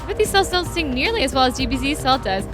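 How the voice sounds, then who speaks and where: A woman's voice: high-pitched, big pitch swings, fast talker, over music. A woman streamer chatting casually while she plays a game, thinking aloud and greeting her viewers. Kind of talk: casual gameplay commentary.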